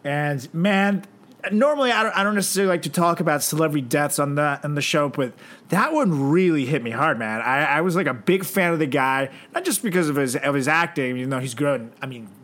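A man co-hosting a casual podcast, playful and animated, talking with a slight lisp. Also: fairly high pitch, a little fast. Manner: animated, playful, jokes around with put-on voices. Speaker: podcast co-host.

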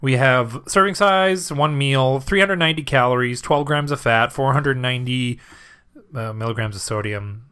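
A man's voice: mid-range voice, moderate pace, pushed and bright, smooth. A man co-hosting a comedy podcast, chatting and joking as he reads out food labels. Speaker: podcast co-host. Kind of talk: casual comedic chat.

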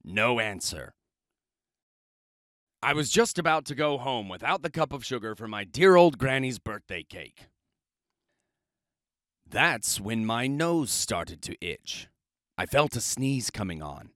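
A man's voice: mid-range voice, big pitch swings, slow, long pauses, a bit bright, no room sound, clean studio sound. A man reading a children's book aloud, telling it in first person in a chatty, self-justifying way. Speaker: storybook reader.

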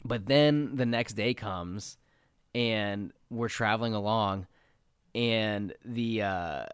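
A man's voice: lowish voice, slow, clear, resonant tone, dry recording, clean studio sound. Rambling, profane man telling a story. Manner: rambling, profane, heavy with fillers. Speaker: tabletop game player. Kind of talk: casual anecdote.

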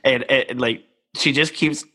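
A man co-hosting a casual podcast, recapping reality TV in an animated way and often laughing. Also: mid-range voice, normal speed. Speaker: podcast co-host.

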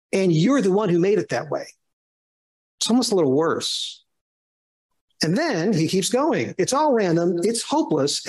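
Animated male Bible teacher. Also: high-pitched, low-quality recording. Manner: conversational, reads scripture aloud with emphasis; sarcastic asides, animated questioning.

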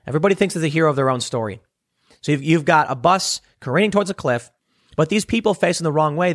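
A man's voice: on the high side, fairly bright tone, no room sound, studio quality. A man hosting his own commentary show, talking through analogies and acting out quoted voices. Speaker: political commentary host. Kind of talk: solo commentary monologue.

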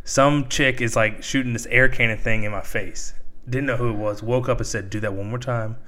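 A man's voice: medium pitch, fairly even intonation, moderate pace, bright, forceful tone. A young man co-hosting a podcast, telling casual stories and acting out quoted lines in funny voices. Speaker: podcast co-host. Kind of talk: casual storytelling chat.

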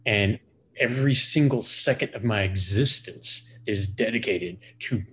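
A man's voice: on the low side, a little slow, a bit bright. A man in his forties, a podcast guest, telling a profane, rambling story full of "like" fillers. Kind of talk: casual storytelling.

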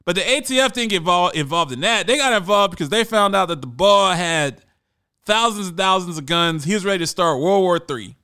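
Male podcast talker, bright and lively tone, loose and rambling delivery. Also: high-pitched, brisk, clear, resonant tone. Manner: animated, conversational, trails off and repeats words. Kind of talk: casual monologue.

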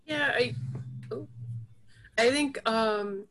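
A woman's voice: on the high side, extremely slow, fairly bright tone. A woman co-hosting a casual film podcast, agreeable and searching for her words.

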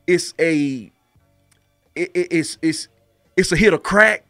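Male podcast host, animated and laughing, tight dry studio mic. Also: on the high side, slow pace, no echo, soft background music. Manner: animated, laughs often, repeats words. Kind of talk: casual chat.

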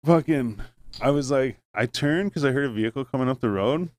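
A man rattles off a rambling anecdote at a brisk clip, swearing freely and dropping into quick impressions of the people in his story. His voice sits at a middling pitch and the talk stays loose and conversational. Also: lively intonation, a little mellow, no room sound. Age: adult with a son. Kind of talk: casual chat, storytelling.

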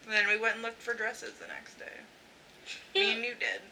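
A woman's voice: a little high, flat delivery, moderate pace, sharp tone, a little hiss or hum, rough recording. A woman co-hosting a podcast in casual chat, dropping wry, joking asides. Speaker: podcast co-host.

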